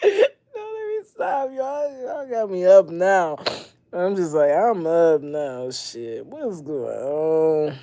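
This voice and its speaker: Lively, slow-talking woman chatting on a livestream. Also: fairly low pitch, no echo, clean studio sound. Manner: expressive, laughs often, swings from loud to hushed. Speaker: livestream host; mother. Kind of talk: casual late-night livestream chat.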